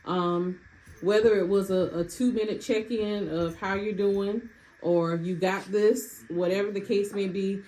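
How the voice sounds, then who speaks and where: A woman giving a short thank-you speech on a video call, halting and emotional, close to tears and laughing. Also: medium pitch, steady tone, warm tone, low-quality recording. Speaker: new doctoral graduate.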